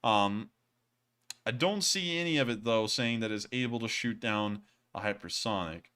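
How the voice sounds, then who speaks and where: Bright, clear-voiced male livestream host. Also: fairly low pitch, normal speed. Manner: rambling, chuckling, many fillers. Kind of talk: casual livestream chat.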